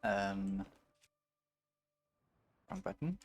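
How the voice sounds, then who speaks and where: A man's voice: fairly low pitch, big pitch swings, drawn-out words, breathy edge, soft background music. A man streaming a video game, chatting casually and answering viewers while he plays. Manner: chatty, reads and answers viewers, muses aloud. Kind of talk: casual let's-play chat.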